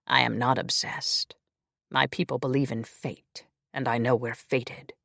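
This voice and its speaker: A man's voice: little pitch movement, unhurried, vocal fry, bright, forceful tone, dry recording, clean studio sound, heavily acted. A man voicing a possessive immortal shifter. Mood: cold. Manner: low, cold and controlled, hissing.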